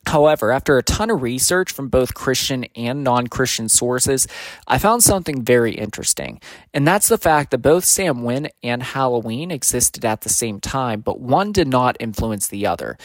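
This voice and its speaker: A man of medium pitch addresses his viewers in an earnest, explanatory teaching talk. He speaks from a prepared script with an occasional "uh". The sound is dry and close to the mic, with no room echo. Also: lively intonation, moderate pace. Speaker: Christian teacher.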